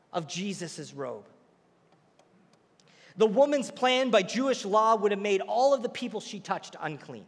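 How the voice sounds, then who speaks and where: A man preaching a sermon, retelling a story with lively, acted-out quotes. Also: very high voice, long reverb tail.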